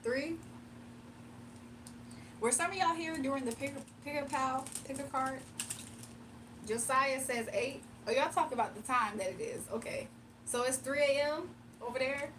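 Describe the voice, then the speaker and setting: A woman's voice: high voice, normal speed, long pauses, distant mic, background noise. A woman from the US East Coast chatting casually on a morning live stream, laughing often and reading viewer comments aloud. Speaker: live-stream tarot reader. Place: home, early morning.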